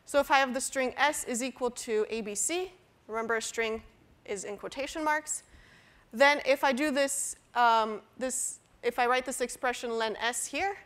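Bright-voiced woman giving a university lecture. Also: on the high side. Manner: explanatory, with frequent fillers and restarts. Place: lecture hall.

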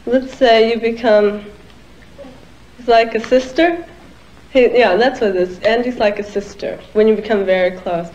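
A woman's voice: fairly high pitch, steady tone, unhurried, a little mellow. A woman speaking thoughtfully and fondly in a documentary interview. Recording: echoey, lo-fi.

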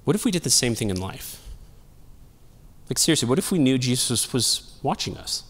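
A man's voice: mid-range voice, very animated, moderate pace, fairly bright tone, slightly rough, big-room sound. A male pastor giving a sermon in a casual, humorous, storytelling way. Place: church sanctuary.

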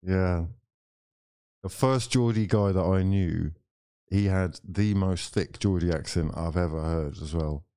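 Young guy, low mellow voice, dry close mic, chatty football stream host, laughs a lot. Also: a little slow, smooth, dry recording. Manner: laughs often, chatty, relaxed banter. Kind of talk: casual chat reading live chat.

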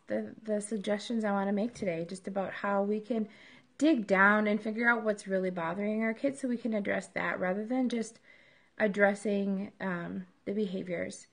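A woman in her thirties hosting a casual livestream about raising kids. She talks in a loose, conversational way, often pausing on filler ums as she explains her points. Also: medium pitch, a bit bright. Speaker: parenting livestream host. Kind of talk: casual advice talk.

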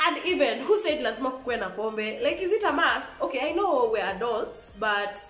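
A young Kenyan woman with a Kenyan accent telling an exasperated, animated storytime vlog, switching between languages. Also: fairly high pitch, normal speed, roomy sound, soft background music. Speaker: vlogger.

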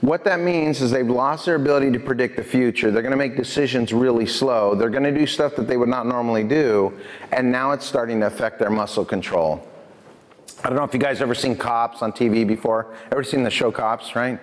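A man giving a lively prevention talk to a youth audience, telling stories and speaking to the crowd directly. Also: mid-range voice, a little fast. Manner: energetic, addresses audience directly. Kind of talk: lively presentation with storytelling. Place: church hall. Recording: echoey hall.

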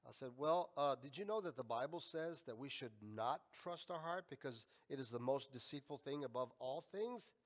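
A male pastor preaching a sermon, emphatic and swinging between loud and quiet. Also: mid-range voice, expressive, normal speed, few pauses. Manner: emphatic, rising and falling in volume.

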